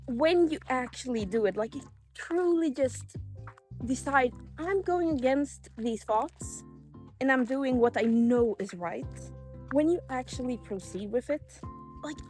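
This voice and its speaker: Young female lifestyle vlogger on a woodland walk, phone in hand, chatty and rambling, slightly high voice, faint music bed. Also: mellow. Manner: chatty and rambling, breaks into whispers and laughs. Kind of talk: casual vlog talk while walking. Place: outdoors in the woods.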